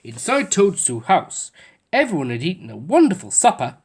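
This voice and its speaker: Expressive woman reading a children's story. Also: on the low side, normal speed, breathy edge. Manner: expressive, lilting. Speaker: storybook reader. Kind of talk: children's story read-aloud.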